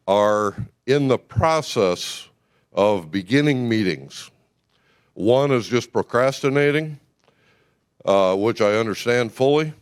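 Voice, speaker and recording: A man giving an informal, brisk and folksy talk at a party convention, full of fillers, speaking without a microphone. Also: lowish voice, clean tone, no room sound, studio quality.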